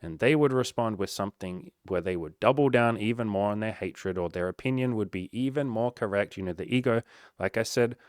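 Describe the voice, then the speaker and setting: A man's voice: lowish voice, brisk, dry recording, studio quality. A man speaking candidly to camera, rambling and reflective, with emphatic, heavy swearing. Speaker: life coach and vlogger.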